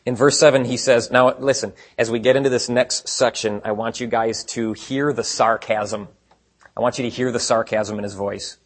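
A man preaching a sermon to a room of listeners, paraphrasing scripture with animated sarcasm and swinging between quiet and loud. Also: medium pitch, normal speed. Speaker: pastor. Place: room with congregation.

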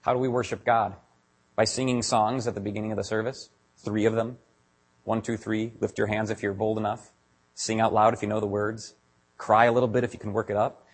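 Man, pastor, sermon, husky voice, animated, swings from quiet to loud. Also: on the low side, a little fast. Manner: animated, builds to raised emphatic delivery.

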